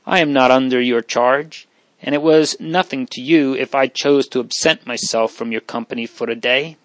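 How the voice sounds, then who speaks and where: A man's voice: medium pitch, steady tone, moderate pace, fairly bright tone, no echo, lightly acted, low-quality recording. A man voicing a haughty but remorseful young countess, speaking earnestly. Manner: pleading, earnest.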